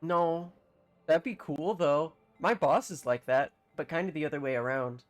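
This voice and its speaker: A streamer giving live gameplay commentary, excitable, swearing freely and reacting aloud. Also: mid-range voice, moderate pace, soft background music.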